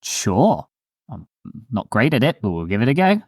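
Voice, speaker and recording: A man's voice: medium pitch, very animated, normal speed, darkish tone, no room sound, studio quality. A man playing a tabletop game who talks in a hesitant, self-deprecating way. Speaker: player.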